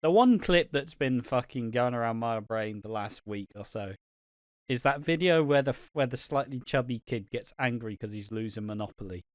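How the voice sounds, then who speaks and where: A man's voice: mid-range voice, moderate pace, no echo, studio quality. A young man co-hosting a podcast, rambling in casual chat and swearing a lot. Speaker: podcast co-host.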